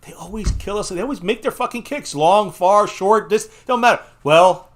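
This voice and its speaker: A man co-hosting a live football watch party whose voice is going hoarse, reacting loudly to plays and swearing in casual chat. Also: sits high, moderate pace. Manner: excitable, loud outbursts at big plays, swears. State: voice getting hoarse. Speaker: co-host of a fan watch-party stream.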